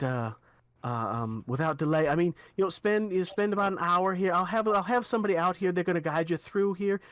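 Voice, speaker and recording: Man as a chatty folksy woman in charge, tabletop game, fairly high, dry. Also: no echo, lightly acted. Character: folksy woman officer giving orders.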